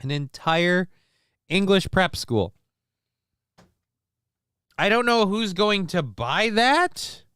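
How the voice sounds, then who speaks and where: A man hosting a livestream show, talking in a casual, rambling way with frequent swearing and halting fillers. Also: sits high, very animated, a bit bright, smooth, dry recording, studio quality.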